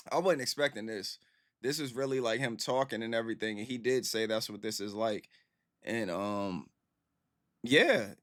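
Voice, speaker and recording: A man's voice: medium pitch, fairly bright tone, no room sound, studio quality. A man hosting a music reaction video, chatting casually and rambling with lots of filler phrases. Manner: rambling, conversational, lots of "you know what I'm saying".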